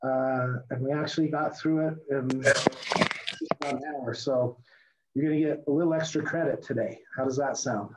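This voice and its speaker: A middle-aged man teaching a real estate class over a video call, talking fast as he walks through forms. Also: mid-range voice, steady tone, heavy background noise. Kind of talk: virtual class lecture. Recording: muffled lo-fi video call audio.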